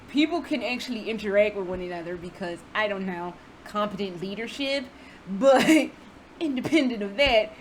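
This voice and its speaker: A woman's voice: mid-range voice, slight background noise, rough recording. A young American woman vlogging casually from her apartment, swearing freely, laughing often and poking fun at herself. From United States. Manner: profane, self-deprecating, laughs often. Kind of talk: casual vlog monologue. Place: apartment indoors.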